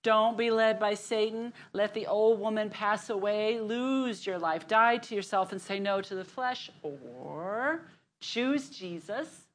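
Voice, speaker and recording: A middle-aged woman with a lilt runs a church women's group, making announcements, telling a funny family story and leading prayer. She talks in a lively, chatty way and laughs often. A faint noise sits under her voice. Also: mid-range voice, unhurried, few pauses.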